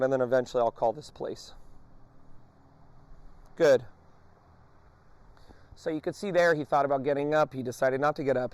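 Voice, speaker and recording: Male dog trainer, mid-pitch, calm step-by-step explainer, quick praise to the dog, dry close sound. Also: clean tone, no echo. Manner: explains calmly, breaking off to praise and command a dog. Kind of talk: instructional demonstration.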